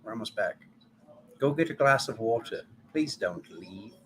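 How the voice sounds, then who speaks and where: A man doing tarot readings in a casual, rambling live stream, chatty and quick to poke fun at himself. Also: fairly low pitch, expressive, a little hiss or hum, low-quality recording. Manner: chatty, rambling, self-mocking. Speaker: tarot reader.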